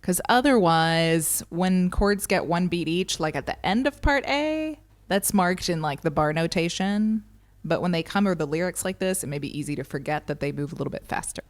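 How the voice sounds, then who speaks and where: Low-voiced woman teaching ukulele. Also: moderate pace. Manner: patient, counts and calls strums rhythmically. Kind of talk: instructional lesson, counting beats aloud. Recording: ukulele playing behind the voice.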